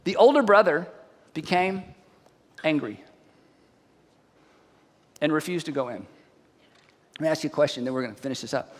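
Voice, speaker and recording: A man preaching a sermon as a pastor, retelling a story with animated delivery and putting questions to his audience. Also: on the high side, moderate pace, long pauses. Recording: long hall reverb.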